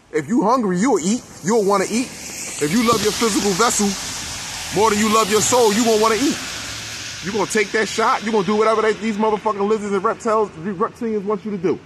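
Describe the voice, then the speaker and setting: Man, fairly high voice, fiery profane monologue to camera. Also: slight background noise. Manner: profane, preachy, addresses his people. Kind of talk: impassioned conspiracy rant.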